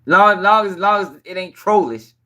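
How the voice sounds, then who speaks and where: On a casual livestream, a male news commentator reads court papers aloud and addresses his chat directly, speaking at normal speed. His high voice is bright, sharp and forceful, and he repeats his points in blunt, exasperated slang peppered with cursing. The recording sounds muffled.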